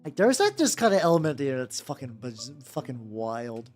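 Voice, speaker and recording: A woman's voice: a bass voice, big pitch swings, moderate pace, darkish tone, soft background music. A woman in her thirties chatting casually as a streamer while she paints, rambling and restarting her sentences with a wry edge. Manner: rambling, self-interrupting, wry. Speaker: VTuber streamer.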